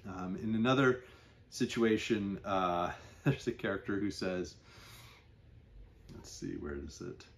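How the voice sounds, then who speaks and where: A man's voice: lowish voice, animated, measured pace, pauses often, a little hiss or hum. A man reviewing a novel, talking hesitantly with many fillers and reading long passages aloud. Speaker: book reviewer. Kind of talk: book discussion with read-aloud passages.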